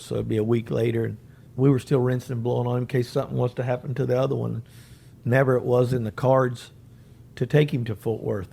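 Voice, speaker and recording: A man's voice: medium pitch, vocal fry, mellow. A middle-aged man, a cattle breeder telling a long story as an interview guest, in a folksy way, often quoting what people said. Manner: folksy, drawn-out storytelling with repeated quotes.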